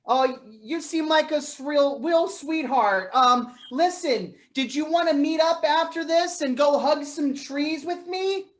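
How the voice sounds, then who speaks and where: A woman's voice: high voice, a little slow, hardly any pauses. A woman playing an overly friendly, tree-loving rally mom in an improv comedy scene. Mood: gushing.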